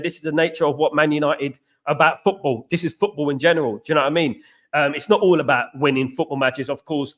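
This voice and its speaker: A man's voice: fairly high pitch, a bit bright. A man hosting a football live stream, chatting with viewers, greeting them by name and leaning on stock phrases. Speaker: football channel host. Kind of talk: live stream chat answering viewer comments.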